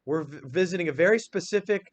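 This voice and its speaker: Upbeat male teacher, slightly high voice. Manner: upbeat and energetic, asks the class many questions; reads example sentences aloud slowly. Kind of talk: classroom lesson, leading a grammar exercise. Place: classroom.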